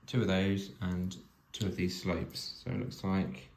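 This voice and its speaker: A man's voice: sits low, little pitch movement, measured pace, vocal fry, darkish tone. A man hosting a home video, thinking aloud as he builds, with dry jokes. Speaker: vlog host building a toy set. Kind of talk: casual step-by-step commentary. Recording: echoey room with faint noise.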